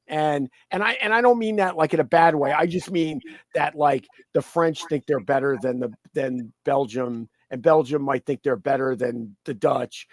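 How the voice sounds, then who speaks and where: A man with a slightly high voice talks in a loose, animated way as an interview guest. He often stumbles over and repeats his words. The sound is dry and close, with no room around it. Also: dry recording, low-quality recording. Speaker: guest commentator. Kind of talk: casual conversational interview.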